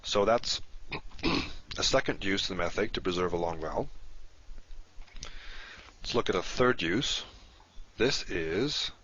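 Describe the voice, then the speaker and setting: A man with a very low voice delivers a recorded lesson, walking through each point patiently and circling back to repeat the key terms. The recording is dull and lo-fi. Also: expressive, slow, pauses often, sharp tone. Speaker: Hebrew teacher. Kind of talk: recorded lecture.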